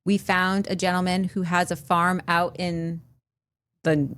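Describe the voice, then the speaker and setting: A woman's voice: fairly low pitch, flat delivery, unhurried, a bit bright. A woman from the northern US co-hosting a podcast, telling stories in an easygoing, laughing way. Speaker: podcast co-host. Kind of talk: casual chat.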